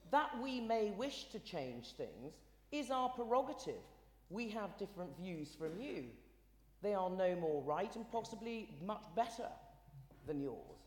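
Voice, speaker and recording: A man's voice: high voice, sing-song, a little slow. A man, a councillor delivering an indignant, formal rebuttal in a council debate. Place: large council chamber. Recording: echoey chamber with long reverb.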